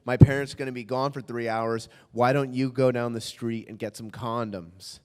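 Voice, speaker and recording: A man's voice: medium pitch, fairly even intonation, moderate pace, a little mellow, clear, resonant tone, long reverb tail, voice pushed down, natural voice. A man voicing a cool, blunt teenage girl. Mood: matter-of-fact.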